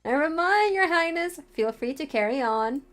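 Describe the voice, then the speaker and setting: A woman putting on a loud teasing theater buddy. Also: high voice, expressive, moderate pace, faint music behind, voice pushed up. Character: boisterous teasing male theater friend. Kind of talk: reading visual novel lines aloud.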